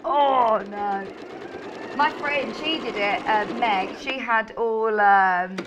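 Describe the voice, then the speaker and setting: A woman's voice: fairly high pitch, takes it slowly, lo-fi sound, background noise. Chatty, enthusiastic female presenter. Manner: chatty, enthusiastic, asks many questions. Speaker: TV shopping presenter. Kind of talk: casual presenting chat.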